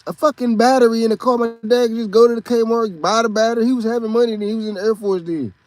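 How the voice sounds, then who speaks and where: Texan dude hosting a podcast, highish voice, cussing and rambling, dry close sound. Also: male voice, fast, no echo. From Texas. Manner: profane, rambling, animated. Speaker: podcast host. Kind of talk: casual storytelling monologue.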